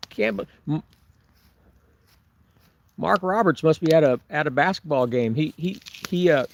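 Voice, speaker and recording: This man's voice is gravelly and fairly high. A Bigfoot researcher vlogger, he chats on a casual livestream while camping on remote forested property, rambling through viewer comments, chuckling and restarting his sentences.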